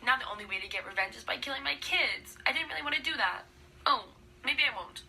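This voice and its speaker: A gleeful, scheming sorceress queen voiced by a woman who plots revenge in sarcastic modern slang. Her voice is bright and sharp, a touch high for a woman. It is caught from a distance with a faint hiss behind it. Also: animated, fast talker, gravelly, heavily acted. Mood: frantic.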